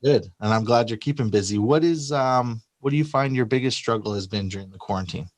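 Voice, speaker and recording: A man's voice: mid-range voice, a little fast, dry recording. A man hosting an interview, asking short friendly questions with a few "uh" fillers. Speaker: interview host.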